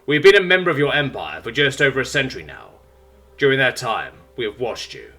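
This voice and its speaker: A man's voice: medium pitch, very animated, fast talker, sharp tone, faint music behind, pitched above the performer's own voice. A man voicing a weary male human ambassador who speaks firmly and sarcastically. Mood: sarcastic. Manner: sarcastic, firm.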